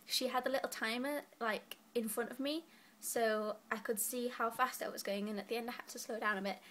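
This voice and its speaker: A woman's voice: fairly high pitch, steady tone, brisk, fairly bright tone, a little hiss or hum. Giggly teen girl, a bit breathless. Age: late teens. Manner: chatty, giggly, rambling. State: a little out of breath. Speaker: student vlogger. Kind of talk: casual vlog chat. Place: bedroom, lying in bed.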